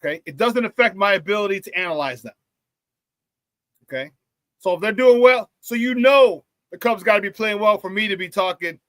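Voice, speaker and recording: Brisk and high-voiced, this Chicago-area sports talk radio host runs a casual show, reading the live chat out loud. He's animated, says things twice, and laughs a lot, all on a recording with no echo.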